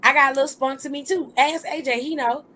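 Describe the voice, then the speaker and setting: A woman's voice: high voice, fairly even intonation, quick pace, pushed and bright, slight background noise. A woman voicing a pushy, feisty young woman who talks in a brash, teasing, overfamiliar way.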